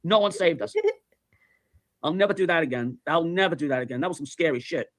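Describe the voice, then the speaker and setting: A man hosting a livestream, chatting casually as an animated, profane storyteller who repeats himself. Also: a little high, fairly quick, no echo. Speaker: livestream host. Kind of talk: casual chat.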